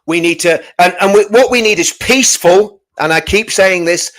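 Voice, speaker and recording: A man's voice: high voice, normal speed, hardly any pauses, a bit bright, poor audio. A man giving an impassioned rant to his viewers, emphatic and repetitive, often tagging "right?" onto his points. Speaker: activist addressing viewers.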